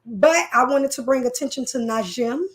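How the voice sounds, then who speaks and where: Hosting a casual live stream, a woman with a high-sitting voice talks at a moderate pace. She chats directly and folksily with her viewers, and her leg is hurting.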